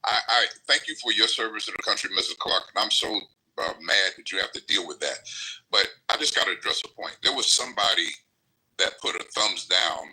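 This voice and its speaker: A man's voice: deep voice, pushed and bright, husky, rough recording. A man hosting a live panel discussion, speaking earnestly and addressing the audience directly. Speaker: host of a political livestream.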